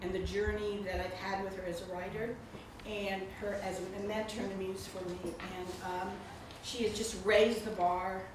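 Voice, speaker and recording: In a level, medium-pitched tone at normal speed, an older woman introduces the author at a book event, chatting warmly and laughing frequently. The indoor reception room recording is echoey and noisy, with a far-off mic.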